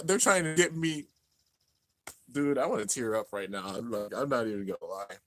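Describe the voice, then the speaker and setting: A young man narrating an anime finale as he watches it live, excited and emotional. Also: mid-range voice, moderate pace, no echo. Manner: excited, narrating on-screen action, drops to near-tears murmurs. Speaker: anime reaction host. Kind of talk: live reaction commentary.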